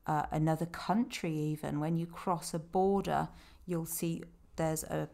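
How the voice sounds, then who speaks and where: A woman doing a voice-over that guides listeners through place names, explaining slowly and patiently with small fillers. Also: low-pitched, steady tone, gravelly, dark tone. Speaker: tour company presenter.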